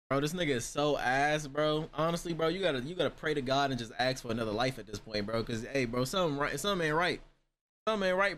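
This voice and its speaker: A man's voice: mid-range voice, a little hiss or hum. A man hosting an anime reaction video, talking back to the screen with lots of laughter and profanity.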